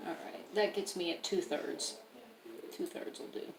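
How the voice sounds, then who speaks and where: A woman's voice: fairly low pitch, unhurried, creaky. Hesitant woman tabletop player. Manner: hesitant, filler-heavy. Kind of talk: casual tabletop play. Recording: roomy room, faint noise.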